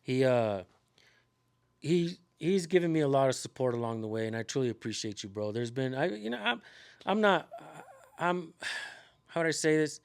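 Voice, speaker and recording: A man's voice: mid-range voice, animated, normal speed, clean tone. A man hosting a casual talk, rambling with many fillers and restarts. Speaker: channel host, activist. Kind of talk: casual conversation.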